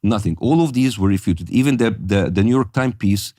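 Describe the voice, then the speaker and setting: A man's voice: fairly low pitch, a little fast. A middle-aged man, a comedian guest talking emphatically in an interview. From Egypt. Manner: emphatic, forceful in argument. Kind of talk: interview and debate.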